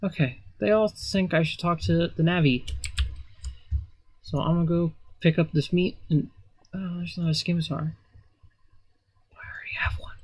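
A man's voice: on the high side, no echo. A man giving casual gameplay commentary as a let's player, rambling with sarcastic asides.

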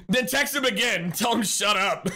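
A man's voice: high voice, bright, forceful tone. A man live-streaming, chatting casually with viewers, reading chat, greeting people and laughing often in a teasing way.

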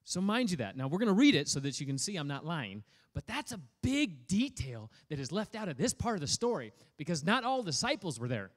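A man's voice: fairly high pitch, very animated, brisk, few pauses. A man preaching a sermon as a pastor, casual and joking, reading scripture aloud and breaking off to comment on it. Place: church hall.

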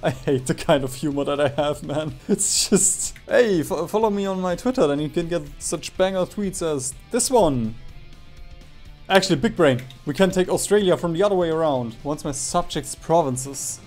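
A man's voice: on the high side, animated, moderate pace, a little mellow, faint music behind. A man giving casual gameplay commentary while streaming a strategy game, joking and mocking himself as he reacts to events on screen.

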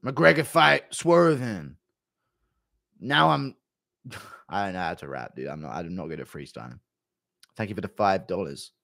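A man's voice: deep voice, big pitch swings, moderate pace, vocal fry, pauses often, sharp tone, no room sound, clean studio sound. A young man livestreaming and reading out paid chat messages, laughing, swearing and acting mock-exasperated.

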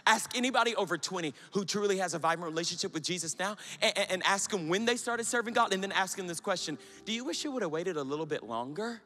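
A man preaching an impassioned sermon to students, urging them on, then dropping to a hushed whisper. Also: high-pitched, expressive, fast talker, hardly any pauses. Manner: urgent, swinging from loud exhortation to hushed whisper. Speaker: youth preacher.

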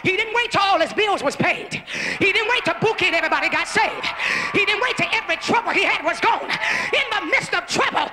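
A woman preacher delivering a fiery sermon in a large church, swinging from shouted declarations to low murmurs and driving her points home with folksy, repetitive questions. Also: animated, fairly quick, few pauses, over music.

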